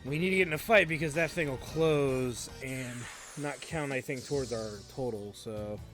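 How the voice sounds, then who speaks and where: Let's play host, male, casual and rambling, mid-pitched, faint game music behind. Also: normal speed. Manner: rambling and self-talking, with fillers and mild joke curses. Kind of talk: casual gameplay commentary.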